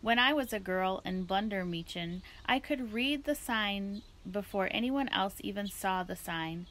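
A woman's voice: medium pitch, animated, fairly bright tone. Woman reading as a rambling old lady philosopher. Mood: musing. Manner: formal, digressive, unhurried.

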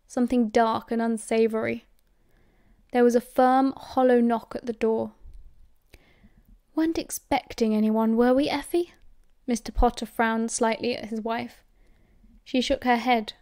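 A woman with a British accent reading audiobook narration at a steady, measured pace. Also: on the high side, clear, resonant tone, dry recording, studio quality. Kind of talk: scripted narration.

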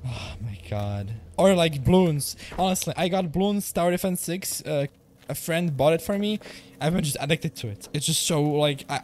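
A man's voice: on the high side, darkish tone, slight background noise. A young man streaming a video game from home, rambling casually, swearing and laughing often. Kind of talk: casual gaming livestream chat.

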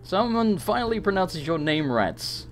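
An excitable young English man commentates a live game run, his pitch leaping all over as he reacts. His voice sits a little high for a man. Faint music plays under him. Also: moderate pace. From England. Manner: chatty, excitable, swears when flustered. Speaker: streamer.

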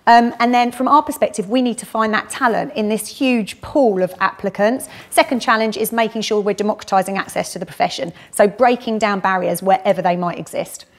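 A woman's voice: medium pitch, fairly quick, few pauses. A middle-aged woman with a South London accent, a graduate recruitment head answering interview questions in a chatty, upbeat way. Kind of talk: casual walk-and-talk interview.

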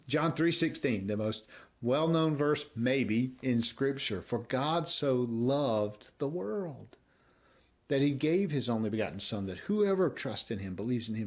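Earnest American preacher. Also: male voice, medium pitch, slightly rough. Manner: earnest preaching, swings between loud emphasis and soft quoted lines. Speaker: pastor. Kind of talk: sermon.

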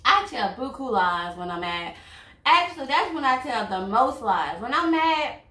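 A woman's voice: on the high side, big pitch swings, moderate pace, bright, forceful tone. A woman, talking bluntly and outspokenly in a casual couple chat over a meal. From Louisiana. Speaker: vlog host, girlfriend. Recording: echoey room, mic at a distance.

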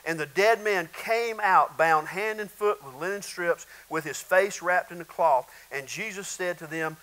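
A male pastor preaching a sermon in a conversational way, with sudden loud bursts and laughter. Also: high voice, a little slow, poor audio.

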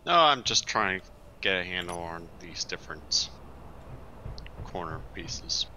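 A man's voice: deep voice, expressive, a little slow, pushed and bright, a little hiss or hum, rough recording. A man playing a multiplayer game, answering distractedly while he works. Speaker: co-player. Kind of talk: casual gaming chat.

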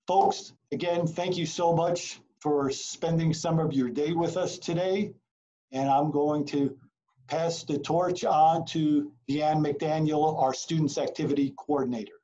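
A man speaking as a college counselor at a virtual information session, upbeat and encouraging. His voice is somewhat high for a man yet mellow in tone. The audio is dull and lo-fi, as from a video call. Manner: energetic, encouraging, rapid delivery.

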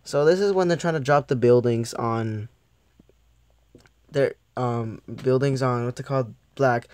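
A man's voice: mid-range voice, unhurried, darkish tone, smooth, dry recording. Young man, casual video commentary, rambling and self-interrupting, dry close sound. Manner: rambling, loses his train of thought, laughs at himself. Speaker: anime episode reviewer.

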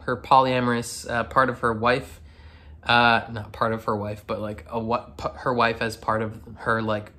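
A man hosts a laid-back reaction video, thinking out loud in a middle-pitched voice. He rambles, backtracks through false starts, and breaks into laughter often. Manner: rambling, laughs often, many fillers and restarts. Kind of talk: casual reaction commentary.

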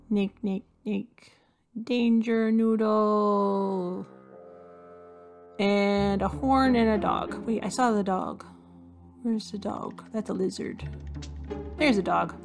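A woman playing a hidden object game, talking to herself slowly as she searches for items. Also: medium pitch, creaky. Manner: slow, musing, talks to herself while searching. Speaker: gamer. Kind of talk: casual let's-play commentary. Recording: faint music behind voice.

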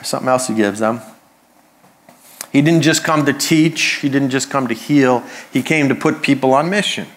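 A man's voice: medium pitch, fairly bright tone. Conversational man preaching a sermon. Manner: conversational and humorous, with quick asides. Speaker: pastor.

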